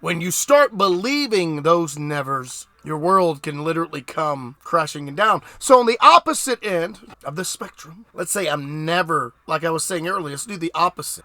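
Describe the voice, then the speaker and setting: Emphatic man with a bright, dry voice. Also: fairly high pitch, normal speed, few pauses, dry recording. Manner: emphatic, preachy, repeats words for effect. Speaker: podcast host. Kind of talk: solo motivational monologue.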